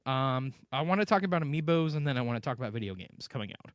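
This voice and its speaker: Animated joking Midwestern man. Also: mid-range voice, fast, clean tone, no echo. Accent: American Midwestern. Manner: animated, jokey, swears and does mock voices. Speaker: podcast co-host. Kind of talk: casual chat.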